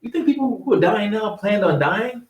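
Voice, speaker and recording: A man's voice: sits high, expressive, moderate pace. A man hosting an insurance advice show, talking casually and bluntly, mocking excuses and repeating himself. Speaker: host giving insurance advice. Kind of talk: casual talk to camera. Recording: roomy sound, mic at a distance.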